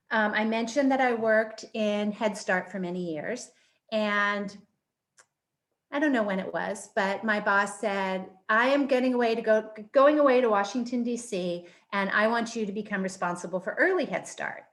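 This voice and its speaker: Middle-aged woman prof on a video call webinar, super enthusiastic, lots of ums. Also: medium pitch. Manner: enthusiastic, frequent um fillers. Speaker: professor. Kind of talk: webinar presentation.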